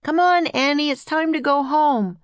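A woman's voice: medium pitch, expressive, unhurried, no echo. A woman voicing a sensible eight-year-old boy who sounds dry and exasperated. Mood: skeptical.

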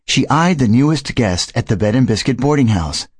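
Expressive male storybook narrator, lively delivery, dry studio read. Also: medium pitch, normal speed, breathy edge, no room sound. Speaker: audiobook narrator. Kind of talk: scripted narration.

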